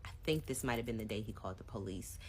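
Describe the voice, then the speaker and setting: Speaking fast in a notably low, deep voice, a woman recounts her own story in a relaxed storytime vlog, chatting straight to her viewers. Her tone is casual and conversational, with a little hiss or hum in the audio.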